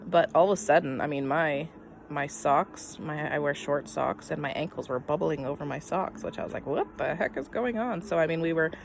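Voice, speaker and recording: A middle-aged woman telling a personal story in a casual, rambling way, full of "um" and "I mean", often trailing off softly at the end of her thoughts. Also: low-pitched, vocal fry, slight background noise. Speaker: vlogger.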